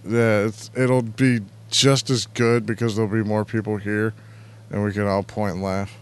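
A man's voice: on the low side, little pitch movement, normal speed, clear, resonant tone. A man hosting an internet radio show, chatting casually and crudely, rambling and reading out chat messages. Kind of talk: casual live-stream chat.

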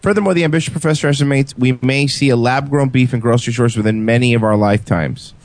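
A man's voice: medium pitch, quick pace, a little mellow, no room sound. Male radio co-host, banter, jokey news reading, dry studio sound. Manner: joking, reads news bits aloud. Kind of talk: casual banter. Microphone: studio mic.

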